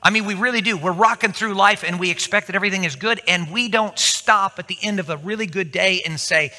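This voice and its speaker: A pastor preaches to his congregation in a high, brisk voice with few pauses, pushed and bright, and a long reverb tail trails his words. He tells stories and acts out the voices of the people in them.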